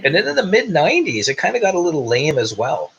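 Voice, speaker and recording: A man's voice: a little high, huge pitch swings, fast talker, gravelly, fairly bright tone, dull audio. A man in his fifties with a Canadian accent, a guest telling chatty stories in casual conversation. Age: 50s. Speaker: guest, tour bus driver. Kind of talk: casual chat.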